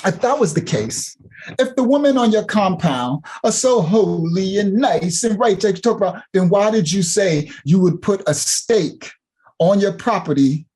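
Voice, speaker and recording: Husky-voiced man preaching with swinging pitch. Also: expressive, moderate pace, darkish tone. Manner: emphatic, preachy, repeats for emphasis. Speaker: ministry host reacting to clips. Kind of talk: heated commentary.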